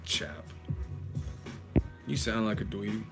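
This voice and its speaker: Profane mocking livestream host, music behind. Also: male voice, medium pitch, moderate pace. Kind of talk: live chat roast.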